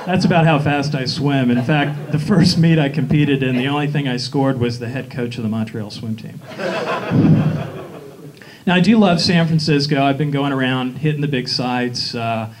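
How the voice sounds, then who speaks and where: On a live stage, a man from Atlanta with a Southern accent performs a campy, sly stand-up routine, his mid-range voice at a moderate pace. The poor-quality recording of the live show picks up crowd noise and audience laughter.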